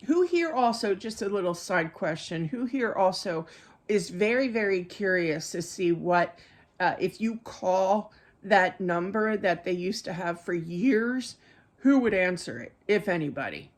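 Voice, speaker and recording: A woman's voice: mid-range voice, animated, unhurried. A middle-aged woman giving a live psychic reading to viewers. She rambles in a chatty way, with many fillers and side stories. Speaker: psychic medium.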